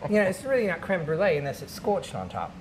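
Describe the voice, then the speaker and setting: A man's voice: sits high, wildly swooping pitch, quick pace, slight background noise, rough recording. A man putting on a whiny hungry badger. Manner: pleading, impatient.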